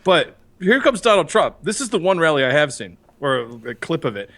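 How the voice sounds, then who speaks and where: A man co-hosting a podcast in casual chat, rambling and profane, slipping into quick impressions. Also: on the high side, big pitch swings, a bit bright. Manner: rambling, profane, mimics people. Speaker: podcast co-host.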